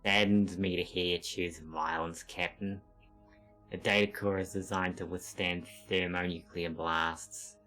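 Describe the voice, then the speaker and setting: A man voicing a smug male space pirate captain who threatens over the comms in a lowered, silky voice. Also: level tone, unhurried, pushed and bright, faint music behind.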